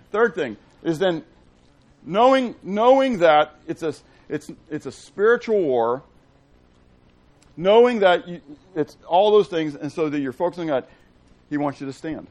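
Animated preaching man, fairly high voice. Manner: conversational preaching with rhetorical questions; swings from hushed to loud and excited. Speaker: pastor. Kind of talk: sermon.

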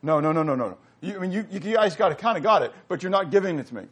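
A man leads a Bible study class in a lively, questioning way. He keeps asking his listeners to answer and leans into loud emphasis on the words that matter. His voice sits a little high for a man. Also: racing, husky. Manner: animated, quizzes the audience, rising to loud emphasis. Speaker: Bible teacher.

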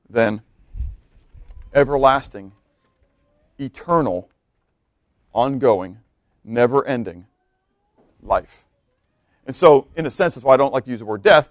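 A man's voice: medium pitch, no room sound, studio quality. A male pastor giving a conversational sermon, often stopping to ask his listeners questions and reading scripture aloud. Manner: conversational preaching with repeated rhetorical questions.

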